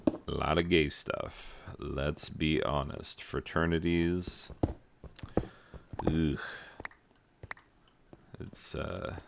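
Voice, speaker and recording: Very deep, gravelly, slow-talking American man. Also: fairly even intonation, noisy background. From United States. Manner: rambling, joking asides, frequent fillers. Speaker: gaming channel host. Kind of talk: rambling commentary while playing a video game.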